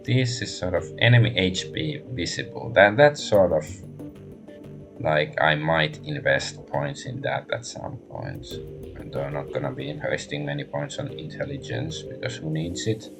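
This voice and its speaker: A man's voice: extremely low pitch, moderate pace, creaky, over music. A man streaming a role-playing game, muttering hesitant thoughts aloud as he plays. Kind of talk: let's-play commentary.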